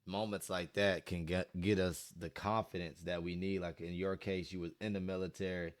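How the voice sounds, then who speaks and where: Deep-voiced male podcast host. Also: flat delivery, moderate pace. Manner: brief affirming interjections. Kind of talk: casual interview.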